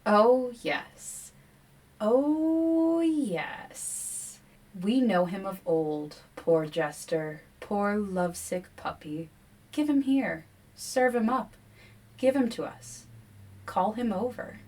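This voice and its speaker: Casting: eerie hungry forest spirits in a storybook reading, slow and coaxing, voiced by a woman. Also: medium pitch, expressive, a little mellow. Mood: greedy. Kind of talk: reading a novel aloud.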